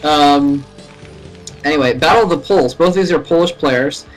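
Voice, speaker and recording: A man's voice: fairly high pitch, normal speed, faint music behind, rough recording. Chatty man casting a game from home. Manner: casual, chatty, laughs often, rises sharply when excited. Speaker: esports caster. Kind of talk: live game commentary. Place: home room.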